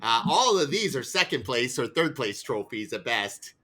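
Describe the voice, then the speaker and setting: A man's voice: mid-range voice, very animated, normal speed, sharp tone. A man playing a tabletop role-playing game, improvising in character in a playful, stammering way. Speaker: player.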